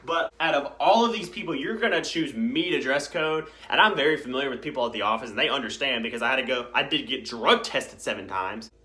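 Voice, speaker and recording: A young man, telling high school stories in a rambling, casual vlog. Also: a little fast, few pauses. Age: young adult. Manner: rambling, filler-heavy, animated storytelling. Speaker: vlogger.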